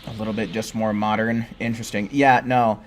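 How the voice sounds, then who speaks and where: A relaxed young man from California talks casually with his stream chat while he plays. His accent is a neutral American one, and his manner is easygoing and friendly as he answers viewers' comments. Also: on the low side, fairly quick, a little hiss or hum. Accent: General American. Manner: laid-back, chatty, answering chat.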